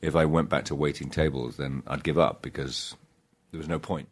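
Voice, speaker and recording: A middle-aged man, a guest actor on a casual podcast interview, who tells stories in a halting, self-deprecating way, often restarting his sentences. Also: extremely low pitch, steady tone, breathy edge.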